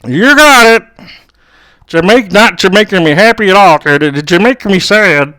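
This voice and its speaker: A man's voice: sits high, fast, bright, forceful tone, no echo. A young man rambling through a comic story and calling everyone dude. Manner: rambling, says "dude" a lot. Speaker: co-host. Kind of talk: comedic storytelling.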